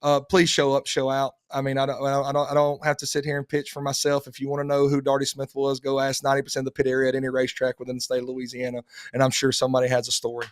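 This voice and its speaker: A man's voice: mid-range voice, monotone, very fast, hardly any pauses, clean tone, no room sound, clean studio sound. A man co-hosting a podcast in casual chat, rambling with frequent restarts. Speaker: podcast co-host.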